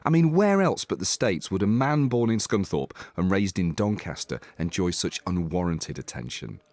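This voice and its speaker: A man's voice: sits low, sing-song, normal speed, darkish tone, no echo. An English man narrating his own story in a dry, self-deprecating, scripted way. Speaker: host and narrator.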